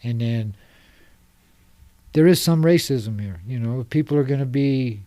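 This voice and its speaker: Earnest middle-aged man, dark dry voice. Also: medium pitch, unhurried, no echo. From Salt Lake City, Utah. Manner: earnest, passionate, loosely rambling. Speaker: guest, homeless advocate. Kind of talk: casual podcast conversation. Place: podcast studio.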